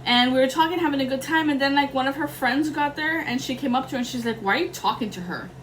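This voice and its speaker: A woman's voice: sits high, fairly even intonation, fast, a bit bright, slight background noise, low-quality recording. A young adult woman doing a casual tarot reading, rambling and slangy, swearing freely. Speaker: tarot reader.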